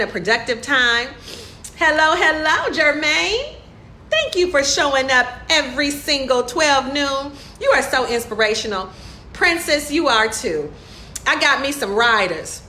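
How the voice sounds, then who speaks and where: Bubbly high-voiced woman, slightly hoarse. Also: sing-song, a little slow, sharp tone, a little hiss or hum. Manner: upbeat, greets viewers by name, laughs often. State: hoarse, losing her voice. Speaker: motivational speaker hosting a live stream. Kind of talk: lively motivational live-stream chat. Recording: echoey room.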